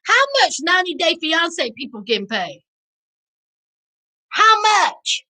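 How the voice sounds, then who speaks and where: A woman with a Southern US accent hosts a casual live recap, answering chat in a sassy, animated way. Her voice sits very high. It sounds bright and forceful. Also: a little slow, rough recording. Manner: sassy, animated, calls viewers child and honey. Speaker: livestream host reading chat.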